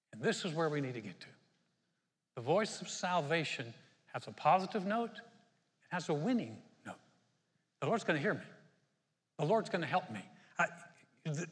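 A man preaching a sermon as pastor, animated and laughing often as he quotes scripture. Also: sits high. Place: church. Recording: long hall reverb.

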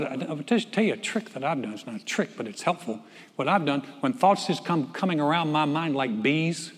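A man's voice: on the high side, big-room sound. A male pastor preaching a conversational sermon, often repeating words and asking the congregation questions.

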